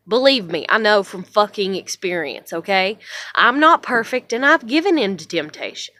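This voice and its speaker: A woman's voice: medium pitch, expressive, moderate pace, pushed and bright, no room sound, clean studio sound. A young woman ranting in a blunt, heavily profane vlog monologue at home. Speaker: vlogger.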